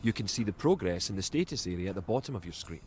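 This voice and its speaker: An actor voicing a solemn Scottish tutorial narrator in a video game, speaking in a measured, instructive manner. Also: male voice, low voice, animated, a little hiss or hum. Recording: game audio with loud music.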